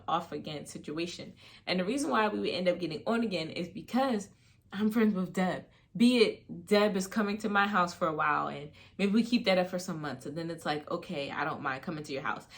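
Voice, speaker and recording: Chatty young woman telling a storytime. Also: fairly low pitch. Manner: casual and chatty, full of fillers like "you know what I mean". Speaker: vlogger. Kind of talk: storytime vlog.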